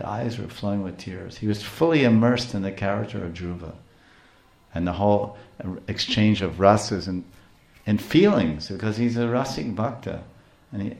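A man's voice: fairly low pitch, creaky, roomy sound. A man giving a scripture lecture as a spiritual teacher, telling stories with frequent restarts. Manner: storytelling, acts out quotes, frequent restarts.

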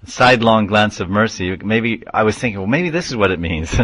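Male spiritual teacher, lowish voice, explains terms, chants verses in a class. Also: expressive, a little fast, a bit bright, no room sound. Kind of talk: scripture class.

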